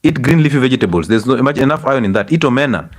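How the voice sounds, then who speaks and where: Very fast and at a medium pitch, a middle-aged man with a Kenyan English accent, a doctor, animatedly lectures his audience on health, scolding them with one rhetorical question after another.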